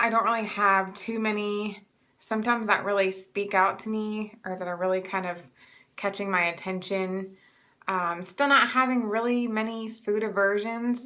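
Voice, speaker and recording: Young woman chatting to camera, bright voice, bit stuffy and winded, lots of ums. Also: medium pitch. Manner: chatty, rambling with many ums. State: congested and short of breath. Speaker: vlogger sharing pregnancy updates. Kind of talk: casual chat to camera.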